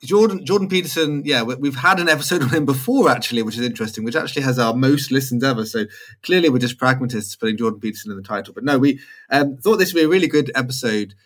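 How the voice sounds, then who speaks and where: A man co-hosting a podcast in casual chat, talking in an animated way with lots of "like"s. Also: medium pitch, fast. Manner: animated, chatty, many "like"s, laughs easily. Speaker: podcast co-host.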